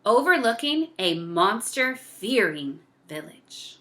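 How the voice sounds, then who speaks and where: This is a storybook reading: a woman's medium-pitched voice moves unhurriedly and expressively through a children's picture book.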